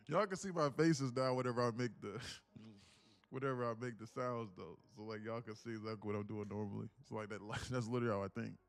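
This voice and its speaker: A man's voice: mid-range voice, brisk, faint music behind. A man hosting a live day-trading stream, chatting casually with viewers, joking and swearing freely. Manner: profane, joking, laughs often, lively delivery. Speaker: livestream day trading host. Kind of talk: casual livestream chat.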